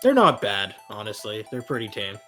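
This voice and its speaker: A man's voice: on the low side, huge pitch swings, normal speed, fairly bright tone, faint music behind. A man making laid-back, amused remarks while watching a game. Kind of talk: casual chat.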